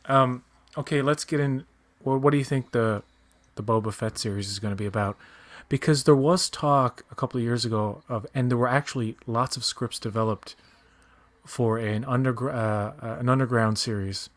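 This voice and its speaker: A man's voice: medium pitch, normal speed, dry recording. Joking New Zealand man, close and dry. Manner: casual, profane, joking. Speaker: podcast co-host. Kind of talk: casual chat.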